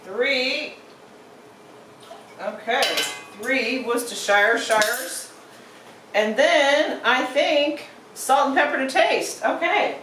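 A woman's voice: high voice, slow, long pauses, fairly bright tone, reverberant, recorded from a distance, slight background noise, rough recording. A woman hosting a casual cooking demonstration, chatty and playful as she talks through each step. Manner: chatty and playful, narrates steps aloud. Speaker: cooking show host.

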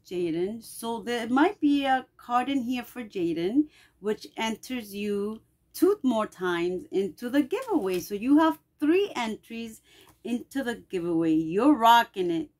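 A middle-aged woman with a fairly high voice chats through a mail unboxing. She gushes with effusive thanks and takes her time, talking slowly. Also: lively intonation. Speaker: vlogger opening mail. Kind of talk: casual unboxing chat.

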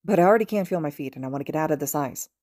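A woman's voice: sits low, expressive, rapid-fire, darkish tone, no echo, studio quality. A woman voicing an urgent, pushy teenage boy who keeps pressing his point. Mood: anxious.

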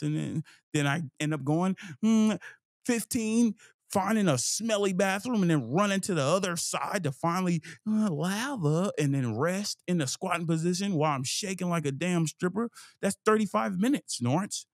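A young man talks through a long personal story on his own show, swearing freely and acting out the scenes and his inner voice. His voice sits a little high for a man and stays lively and loose. The sound is dry, with almost no room echo. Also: normal speed. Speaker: host. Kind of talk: casual storytelling monologue.

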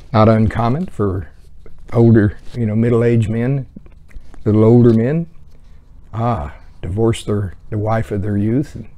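A man's voice: fairly low pitch, warm tone. A man teaching verse by verse through a Bible book in a conversational way, with chuckling asides.

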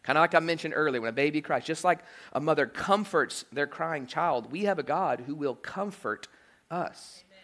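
Lively, bright-voiced man preaching. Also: a little high. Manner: animated, joking asides, rhetorical "okay?" and "right?". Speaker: pastor. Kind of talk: sermon. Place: church sanctuary.

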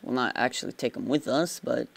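Speaking fairly quickly in a creaky mid-range voice, a let's play gamer offers loose, talkative commentary as he plays. He jumps easily at surprises.

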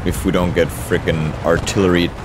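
A man's voice: deep voice, flat delivery, moderate pace, over music. A man streaming a war shooter, commenting on the action as he plays, swearing often and chatting with his viewers. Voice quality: swears often, talks to chat mid-game. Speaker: gaming streamer. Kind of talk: live gameplay commentary. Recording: game gunfire and explosions behind the voice. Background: gunfire and artillery from the game.

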